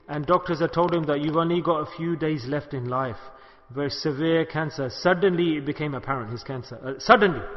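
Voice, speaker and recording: A high-pitched middle-aged man from the UK preaches a sermon, acting out quoted lines and urging his listeners on. His voice trails off in a long hall reverb, and the recording sounds dull and lo-fi. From United Kingdom. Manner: storytelling, acts out quoted speech, exhorting. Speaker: Sufi sheikh giving a talk.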